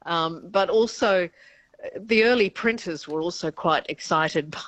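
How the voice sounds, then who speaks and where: A woman's voice: fairly low pitch, moderate pace, no room sound, muffled recording. A woman professor of linguistics answering radio interview questions in a chatty, explanatory way, laughing often mid-sentence.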